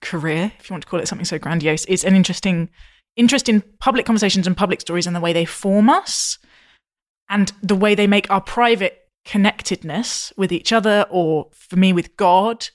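Female host, animated talker, runs on in long asides. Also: mid-range voice, moderate pace. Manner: animated, chatty, long self-interrupting interjections. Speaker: podcast host. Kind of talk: podcast conversation.

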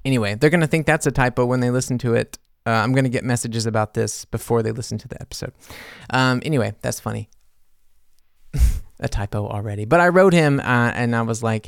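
Guy rambling on his podcast, smooth clear voice, super dry close sound. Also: mid-range voice, lively intonation, brisk, no echo. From United States. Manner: rambling, many fillers and self-corrections. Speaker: podcast host and musician. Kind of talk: casual chat.

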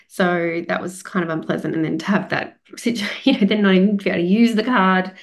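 A woman's voice: lowish voice, brisk, few pauses. A middle-aged woman from Australia with an Australian accent, telling a casual travel story as a podcast host, chatty and rambling with many fillers.

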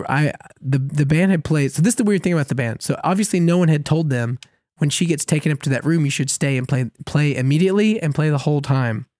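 A man co-hosting a podcast, telling a long story in a casual, animated way, laughing at himself often. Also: fairly high pitch, no echo, studio quality. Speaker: podcast co-host.

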